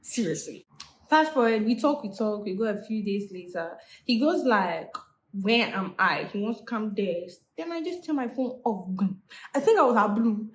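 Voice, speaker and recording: A young woman, telling a storytime vlog in an animated, profane, laughing way. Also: medium pitch, moderate pace. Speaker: vlogger. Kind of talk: casual storytime. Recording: roomy echo, faint background hum.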